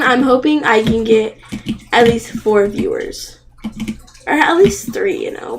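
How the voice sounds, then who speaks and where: A woman's voice: on the high side, measured pace, noisy background. A young woman streaming a game live, gasping and crying out at the game, then rambling to her viewers.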